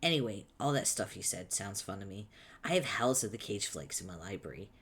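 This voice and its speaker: A man's voice: lowish voice, expressive, brisk, fairly bright tone, breathy edge, full character voice. A man voicing a cheerful, naive teenage boy, upbeat and a bit puzzled, reading a webcomic aloud.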